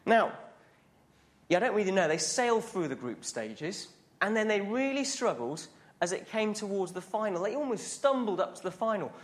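A man's voice: high voice, big pitch swings, normal speed. Guy preaching a sermon, chatty, keeps asking the room questions.

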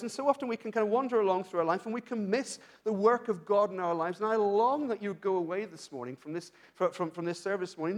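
British male pastor, high-pitched, earnest sermon delivery with frequent restarts. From Britain. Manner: earnest, asks rhetorical questions, frequent restarts.

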